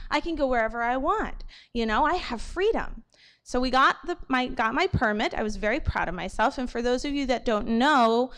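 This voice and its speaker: A woman from New giving a morning assembly talk to students, animated and checking in with "okay?" and "right?" after her points. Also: fairly high pitch. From New York. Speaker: school assembly speaker.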